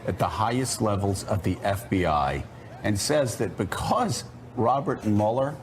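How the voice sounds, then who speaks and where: A man hosting a morning news show, laying out an argument in a measured, pointed way. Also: on the low side, animated, slight background noise. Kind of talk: television news commentary.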